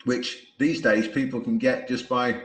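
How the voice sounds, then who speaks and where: A man's voice: mid-range voice, fairly even intonation, a little slow. Laughing, chatty male podcast host. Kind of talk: casual podcast conversation. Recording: roomy echo.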